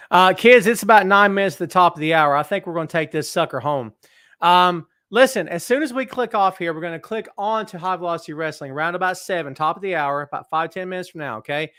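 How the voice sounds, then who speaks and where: A man hosting a wrestling talk stream, reading viewer comments aloud and talking to his audience with animated, self-mocking chatter. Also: a little high, no room sound, studio quality. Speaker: host.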